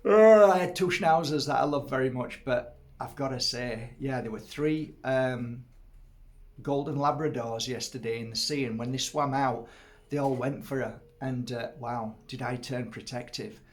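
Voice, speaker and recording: A man's voice: mid-range voice, measured pace. A middle-aged man chatting casually to camera as host, rambling, laughing often and breaking off to fuss over his dog.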